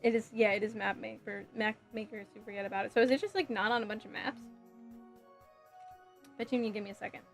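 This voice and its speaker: Building a model kit on a live stream, a woman reacts to chat messages in a sassy, playful, giggly way. She speaks fast with a steady, medium-pitched voice, vocal fry, and long pauses, over soft background music.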